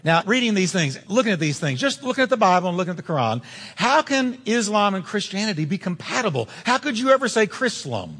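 A man's voice: high voice, big pitch swings, fast, fairly bright tone, slightly rough. A man preaching a sermon as pastor, emphatic and insistent, addressing the congregation directly. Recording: long hall reverb.

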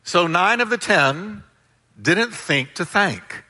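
Bright-voiced pastor preaching in a hall. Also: male voice, sits high, animated, slow. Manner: emphatic, call-and-response with congregation. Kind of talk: sermon.

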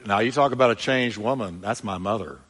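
A man's voice: fairly low pitch, a little fast, fairly bright tone. Pastor man preaching a sermon. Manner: storytelling, emphatic.

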